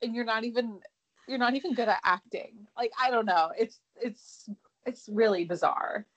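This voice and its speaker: A woman's voice: fairly high pitch, moderate pace, fairly bright tone, highs cut off. A young woman co-hosting a podcast, chatting casually with dry, sarcastic asides. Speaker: podcast co-host. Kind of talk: casual chat.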